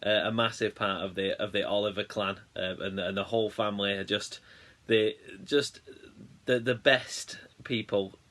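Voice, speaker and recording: A man recording a birthday video message, talking haltingly with many restarts. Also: fairly low pitch, fairly even intonation, a bit bright.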